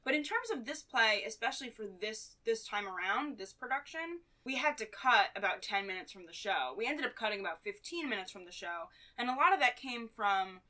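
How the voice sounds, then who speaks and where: A woman's voice: fairly high pitch, expressive, a little fast, few pauses, pushed and bright. A woman playwright chatting casually as a podcast guest, talking in long run-on stretches.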